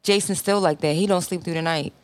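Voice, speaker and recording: A woman's voice: on the low side, steady tone, brisk. Playful woman podcast co-host. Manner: playful, laughs often, tells stories. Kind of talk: casual chat.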